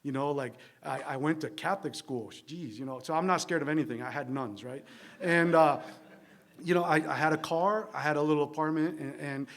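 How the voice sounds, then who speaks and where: A man's voice: a little high, a little fast, a bit bright. A man from New Jersey candidly sharing his recovery story at a meeting, rambling with wry, self-deprecating humor. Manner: rambling with fillers and tag questions. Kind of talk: recovery meeting share, conversational monologue. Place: church meeting room.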